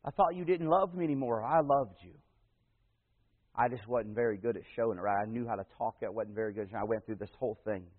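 Folksy pastor preaching over tinny radio. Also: male voice, lowish voice, fairly even intonation, quick pace, slightly rough. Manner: folksy storytelling preacher, swings from loud to hushed. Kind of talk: sermon. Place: church. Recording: tinny phone-like radio broadcast in a big reverberant hall.

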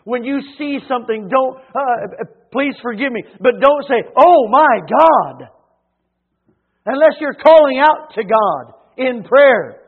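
Man, preaching a sermon, high voice, tinny phone-like sound, hushed to emphatic. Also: unhurried, hardly any pauses. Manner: dynamic preaching, swinging between hushed and emphatic; frequent hesitations with "uh". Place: church sanctuary.

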